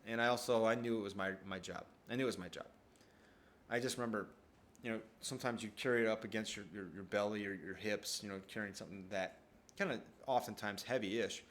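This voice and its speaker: A man's voice: fairly low pitch, fairly even intonation, fairly quick, a bit bright. A man at home telling a rambling, profane story in a casual monologue. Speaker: vlogger. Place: at home, downstairs.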